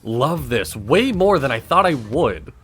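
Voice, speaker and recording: A man's voice: mid-range voice, big pitch swings, measured pace, a bit bright, voice pushed up. A man playing a hesitant young student. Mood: eager. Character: young male student, wary but eager.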